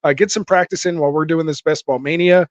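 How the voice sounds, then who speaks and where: A man's voice: fairly high pitch, fairly even intonation, fast, no room sound. A man hosting a live fantasy football stream, chatting casually with viewers and reading their comments aloud with lots of fillers. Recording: dull dry lo-fi mic.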